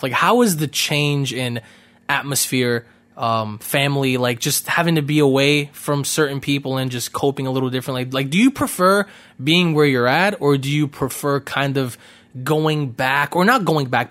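A man's voice: mid-range voice, a bit bright. Chatty male podcast host. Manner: rapid, chatty, frequent ums and self-corrections. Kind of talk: casual conversational interview.

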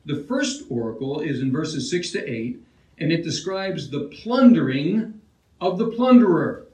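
A man's voice: a little high, expressive, measured pace, dark tone. A man preaching an expository sermon in a conversational way, often restarting phrases and asking his listeners questions. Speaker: pastor. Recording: roomy, heard from a distance.

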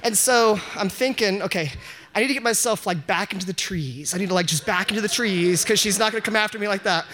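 A man telling an unscripted story at a live event, animated and self-mocking, often breaking into laughs. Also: high-pitched, fast talker. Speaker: audience member telling a story. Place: live event before an audience.

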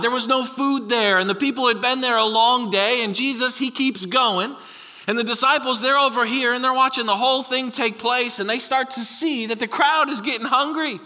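A bright, high-voiced man preaching with lively storytelling. He acts out the disciples as he retells the story. His voice rings out in a large reverberant hall. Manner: animated, acts out the disciples in a higher voice. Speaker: pastor. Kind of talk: sermon storytelling.

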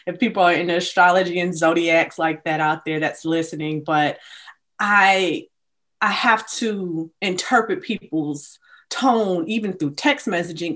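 A woman's voice: fairly low pitch, a bit bright. A woman co-hosting a podcast, talking candidly and reflectively in casual chat. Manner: reflective, candid, a few restarts. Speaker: podcast co-host.

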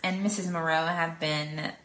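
A woman's voice: low voice, steady tone, normal speed, fairly bright tone. A woman co-hosting a podcast, recapping a film plot casually in a rambling way, full of fillers and acted-out quotes. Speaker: podcast co-host. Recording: echoey room.

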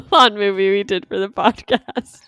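A woman's voice: mid-range voice, normal speed, clear, resonant tone, dry recording, studio quality. Chatty woman podcast co-host, sick voice. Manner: laughs often, lively and chatty. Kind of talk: casual chat.

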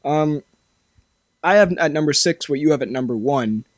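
Speaking at a normal speed in a slightly high voice, a young podcast host keeps things casual, laughing a lot and starting sentences over. The recording is dry.

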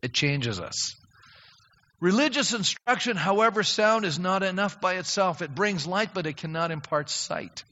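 A man's voice: sits high, animated, moderate pace, sharp tone. An older man preaching a sermon as pastor, earnest and emphatic, often rising into fervent prayer. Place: church sanctuary. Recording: dull lo-fi sound in a reverberant hall.

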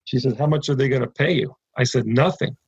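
Husky man telling a lively story. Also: mid-range voice, fast talker, no echo, lo-fi sound. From Canada. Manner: animated anecdotes, acting out quoted dialogue. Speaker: guest, ministry founder. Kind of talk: storytelling in a podcast interview.

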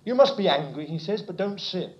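A man preaching a sermon, swinging from quiet asides to loud exclamations. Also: high voice, a little fast. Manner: animated preaching, dropping to near-whispers and rising to exclamations. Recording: muffled lo-fi recording.

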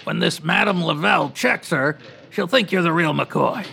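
An actor playing a gruff, businesslike city editor in an old-time radio-drama style. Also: medium pitch, moderate pace, pushed and bright, a little hiss or hum.

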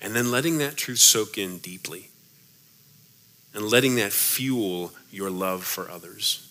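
A man's voice: on the low side, a little slow. A man preaching a sermon as pastor, earnest and repeating rhetorical questions to his church. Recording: loud music underneath.

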